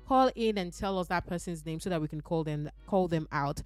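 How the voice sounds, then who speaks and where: A woman with a Nigerian accent hosting a radio call-in show from the studio, lively and coaxing, urging listeners to call in. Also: lowish voice, brisk, no room sound, soft background music. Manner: lively, coaxing, laughs between lines. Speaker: radio host. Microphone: studio mic.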